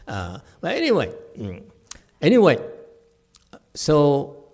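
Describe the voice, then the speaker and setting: A middle-aged man giving a dharma talk with questions and answers, animated, laughing and acting out quoted voices. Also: fairly high pitch, slow pace. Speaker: meditation teacher.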